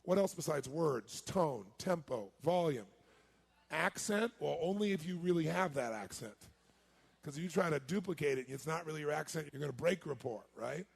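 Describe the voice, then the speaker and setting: A man giving a live seminar talk as a motivational speaker, energetic and quizzing his audience. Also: fairly high pitch, normal speed. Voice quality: raspy, gravelly.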